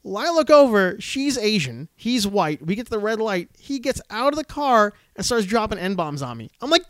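A man co-hosting a podcast, telling stories in an animated, swearing, casual way. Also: high voice, moderate pace, few pauses, dry recording, studio quality. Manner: animated storyteller, swears freely. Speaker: podcast co-host. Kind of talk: casual chat.

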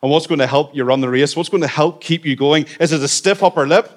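A man's voice: fairly high pitch, fast. Earnest, conversational man preaching. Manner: earnest and conversational, with asides of gentle humor. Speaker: pastor. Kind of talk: sermon.

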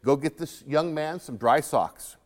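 A preacher putting on a stern, loving old grandmother, raised high in pitch. She talks in a folksy, firm way, scolding with conviction. Long reverb trails every word. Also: unhurried, natural voice. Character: feisty elderly Christian grandmother, stern but loving.

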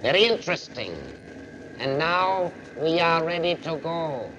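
An actor playing a cold alien intelligence that speaks through a man, slow, flat and menacing, in an old radio play. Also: on the high side, background noise. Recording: dull old radio play recording with music.

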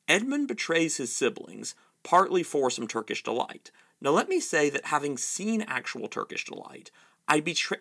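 A man's voice: medium pitch, creaky, a bit bright. A man narrating a scripted video essay with dry, wry humor.

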